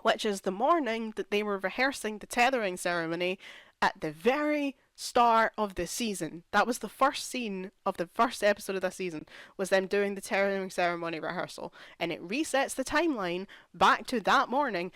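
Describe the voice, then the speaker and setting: This young woman's medium-pitched, slightly bright voice moves at an ordinary pace over a dry recording. In a casual vlog, she reviews a TV series with exasperated ranting and plenty of "like."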